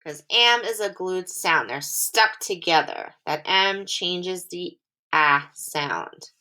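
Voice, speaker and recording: Bright slow sing-song woman teacher. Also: fairly low pitch. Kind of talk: phonics lesson for young children.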